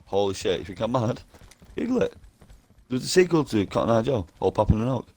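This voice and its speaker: A man's voice: fairly low pitch, very animated, fast, darkish tone. A man talking nonstop in an online game voice party over a headset mic, conspiratorial and swearing heavily. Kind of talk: rambling party voice chat. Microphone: gaming headset over online voice chat.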